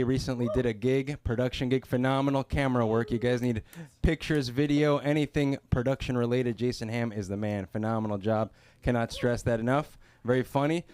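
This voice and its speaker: A man works a small club crowd with a stand-up set, his pitch bouncing widely as he jumps into squeaky character voices. He is punchy and self-deprecating, landing short tags between stories. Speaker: stand-up comedian. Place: small comedy club stage.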